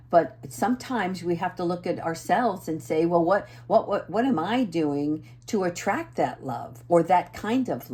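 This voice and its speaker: This woman, with a lowish voice, does a relaxed spiritual oracle card reading for her viewers. Her manner is earnest and gentle, occasionally assertive, with frequent "right?" check-ins.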